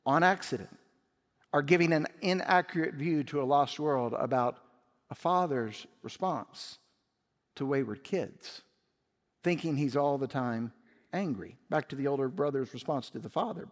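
A man's voice: a little high, normal speed, long reverb tail. A man preaching a sermon as pastor, emphatic and often rising to raised intensity.

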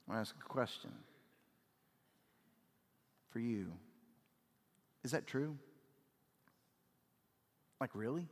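A man preaching a sermon as pastor, conversational with fillers, swinging from loud emphatic peaks down to low, quiet lines. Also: expressive, measured pace, long pauses. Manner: conversational, with "like" fillers and audience questions. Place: church auditorium. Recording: long hall reverb.

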